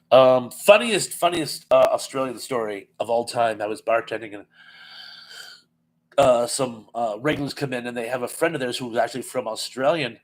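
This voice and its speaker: A man's voice: medium pitch, normal speed, poor audio. A man hosting a casual live-stream chat, reading viewer comments aloud with lots of ums and easy laughs. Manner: chatty, laughs easily, reads comments aloud with many fillers.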